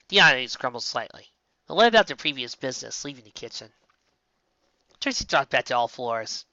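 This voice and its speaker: Animated woman reading a fan story. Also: very deep voice, fairly quick, dry recording. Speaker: fanfiction reader. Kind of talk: amateur audiobook narration. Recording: dull lo-fi home recording.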